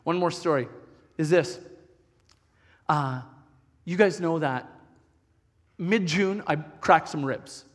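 High-voiced middle-aged pastor in a reverberant hall. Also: male voice, slow, pauses often. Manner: animated, chatty storytelling with many restarts. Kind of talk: storytelling sermon.

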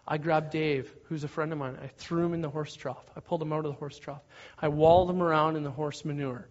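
A man preaching, telling a story in an animated way and shouting out parts of it. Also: on the high side, brisk. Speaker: pastor. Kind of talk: sermon storytelling. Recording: dull lo-fi recording.

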